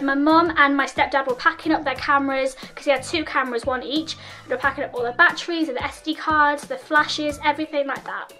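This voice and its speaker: A woman's voice: high-pitched, a bit bright. A young woman, a makeup artist, retelling a story casually and with exasperation.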